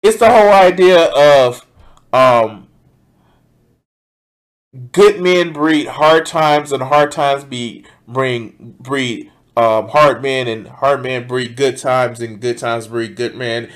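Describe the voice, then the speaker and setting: A man streaming himself as he reacts to a video, talking casually and profanely and breaking into sudden loud outbursts. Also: medium pitch, slow. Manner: reads out donation thanks.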